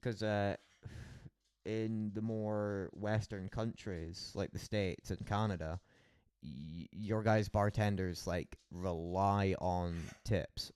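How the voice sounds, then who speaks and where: Sweary young Scottish man, low-voiced. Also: steady tone, takes it slowly, darkish tone, smooth, no room sound, studio quality. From Scotland. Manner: rambling, swearing storyteller with frequent laughs. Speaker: streamer. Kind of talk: casual late-night stream chat.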